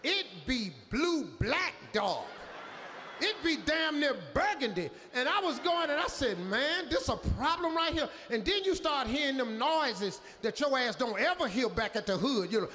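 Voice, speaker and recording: An older man doing stand-up storytelling, loud and animated, often shouting his punchlines. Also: very high voice, moderate pace, a little hiss or hum. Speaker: stand-up comedian. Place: comedy stage. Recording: live hall reverb, faint ambience.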